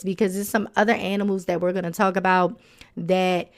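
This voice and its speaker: A woman's voice: medium pitch, level tone, moderate pace. A woman hosting a nature podcast in casual narration, chatty and playful, with frequent laughs and sassy, colloquial asides. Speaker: podcast host.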